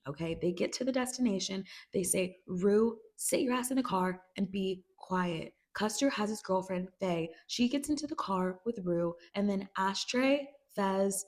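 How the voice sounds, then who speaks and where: A woman talking through a TV series recap in a loose, chatty way, peppered with "like" and quick acted-out quotes. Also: mid-range voice, darkish tone. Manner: chatty, filler "like", acts out characters' quotes. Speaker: video creator recapping a TV series. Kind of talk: casual recap chat.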